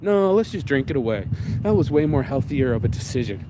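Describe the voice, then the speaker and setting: A man's voice: mid-range voice, sing-song, brisk, heavy background noise. A man hosting his own video, shaken from crying, talking in a raw, profane, rambling way as he walks a street in the rain. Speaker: vlog host. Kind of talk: emotional walking monologue.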